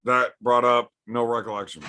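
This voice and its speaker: A man's voice: medium pitch, steady tone, normal speed, sharp tone. A man hosting a casual livestream from home, bantering with chat in a joking, profane way. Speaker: livestream host.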